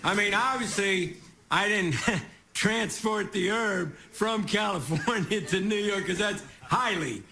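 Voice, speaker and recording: A man's voice: sits high, takes it slowly, pushed and bright. A man from Texas giving a rambling, self-mocking stand-up monologue as a TV guest host on stage, chuckling through his punchlines. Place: TV studio stage with a live audience. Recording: noisy broadcast clip with audience laughter.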